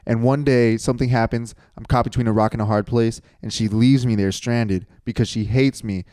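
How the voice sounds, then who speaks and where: A man co-hosting a comedy podcast, playing along with improvised bits in a matter-of-fact, deadpan way. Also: mid-range voice, a little fast, dry recording, clean studio sound.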